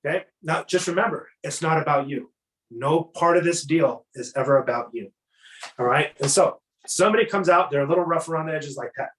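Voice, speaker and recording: A man giving casual, energetic sales coaching, often acting out exchanges with customers. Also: a little high, fairly quick. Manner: energetic, acts out customer dialogues. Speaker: sales trainer. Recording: echoey room.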